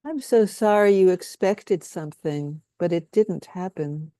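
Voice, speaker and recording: Woman workshop leader, calm guided-healing delivery, dry close sound, lowish pitch. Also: dry recording. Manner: slow, soothing, leads repeated statements.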